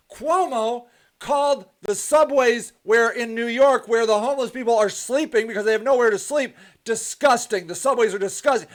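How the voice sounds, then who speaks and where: Male streamer, high voice, preachy and repetitive, talks straight to his viewers live. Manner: preachy, repetitive, ranting then softly rambling. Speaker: host of a live stream show. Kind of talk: impassioned live stream monologue.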